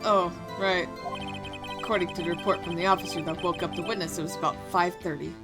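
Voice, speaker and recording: A woman voicing a calm young male defense attorney with measured, dry questioning. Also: on the low side, loud music behind the voice, pitched below the performer's own voice, natural voice.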